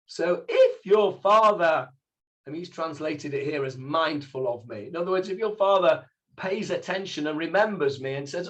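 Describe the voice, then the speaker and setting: A middle-aged man leads an informal Bible class as its rabbi. His voice sits a little high for a man, and he works through the text word by word, turning to the class with questions. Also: expressive, normal speed. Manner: explains Hebrew words step by step, asks the class questions.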